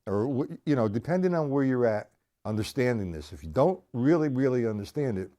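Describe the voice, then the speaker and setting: Chatty drum teacher with a lively voice. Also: male voice, medium pitch, a little fast. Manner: chatty, explains step by step, counts beats aloud. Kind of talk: live-streamed drum lesson.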